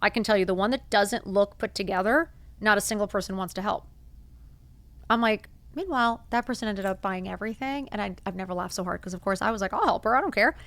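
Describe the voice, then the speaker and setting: A woman in her forties talks straight to her listeners in a casual, animated way. She is blunt, swears freely and acts out quoted lines. Her voice sits at a middle pitch and sounds dry and close. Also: fast, no echo. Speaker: podcast host. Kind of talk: casual motivational talk.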